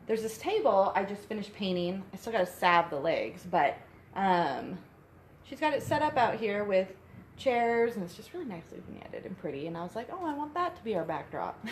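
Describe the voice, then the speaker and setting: A woman's voice: mid-range voice, big pitch swings, moderate pace. Breathless, chatty young woman. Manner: chatty, rambling with many fillers. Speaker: co-host and shop co-owner. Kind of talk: casual live-stream chat. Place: inside a small shop. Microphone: phone on a tripod. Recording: echoey room with faint noise.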